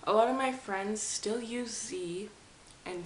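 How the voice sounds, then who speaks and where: A woman's voice: mid-range voice, slow. A young woman from Canada talking to camera from her game room, rambling and self-deprecating, often dropping into a whisper. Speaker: vlogger. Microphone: camera mic. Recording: echoey room with faint hiss.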